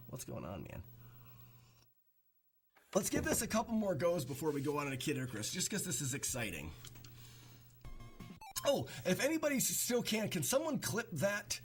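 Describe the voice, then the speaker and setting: A man streaming a retro game, giving animated live commentary that is joking and peppered with swearing. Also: high voice, moderate pace, gravelly, pauses often, faint music behind.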